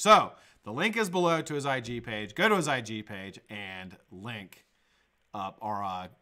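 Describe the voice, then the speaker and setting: This man's medium-pitched voice is bright and forceful as he hosts his daily live vaping show from home, in a room with a green screen. The chat is casual, and he jokes and swears while rambling.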